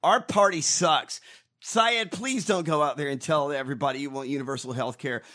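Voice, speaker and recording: A man on a podcast, ranting loudly about politics with heavy swearing. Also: on the high side, normal speed. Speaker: podcast host. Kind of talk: profane political rant.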